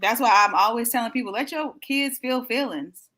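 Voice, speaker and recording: A woman's voice: a little high, a little fast, pushed and bright, slight background noise. A woman co-hosting a casual talk show, chiming in often with short agreements. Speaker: podcast co-host. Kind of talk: casual chat.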